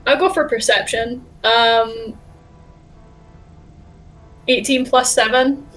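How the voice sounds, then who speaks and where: A woman's voice: fairly high pitch, steady tone, slow, fairly bright tone, soft background music. A woman playing a tabletop game, playful and giggly. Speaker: player. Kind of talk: casual tabletop game play.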